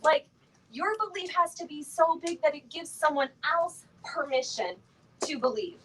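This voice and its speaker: Her pitch is high and her intonation lively as this middle-aged motivational speaker addresses a live sales-event crowd from the stage, joking around with plenty of fillers and laughing asides. She talks at a normal speed in a somewhat bright voice, captured from a distance on a rough recording with a little hiss or hum.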